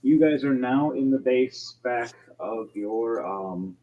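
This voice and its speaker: A man's voice: mid-range voice, slow pace. A man narrating as game master in a tabletop game, rambling and hesitant, with lo-fi stream audio. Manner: rambling, hesitant, lots of fillers and restarts.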